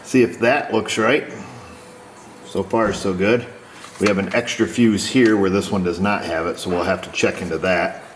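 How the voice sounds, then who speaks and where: A man's voice: deep voice, fairly even intonation, normal speed, a little hiss or hum, low-quality recording. A man working as an auto technician, casually talking through a repair while he inspects parts in a shop. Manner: talks to himself while inspecting parts, easygoing. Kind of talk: casual workshop commentary.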